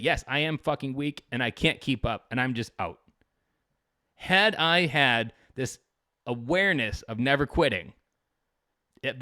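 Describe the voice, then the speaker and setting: A man's voice: medium pitch, a bit bright, no echo, studio quality. A man in his thirties, a Marine veteran and podcast guest, giving blunt, profane, emphatic motivational talk.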